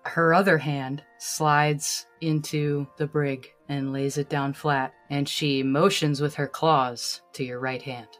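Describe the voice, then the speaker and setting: Woman game master, low and unhurried, faint music bed. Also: steady tone. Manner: slow, descriptive second-person narration. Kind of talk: narrating a tabletop game.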